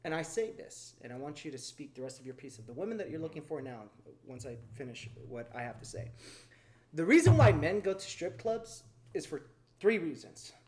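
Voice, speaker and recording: Brash young male podcast host, slightly higher voice, crude candid storyteller. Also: big pitch swings, brisk, crowd noise. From Mexican heritage, US. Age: 20s. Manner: blunt, profane storytelling. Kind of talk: casual podcast chat.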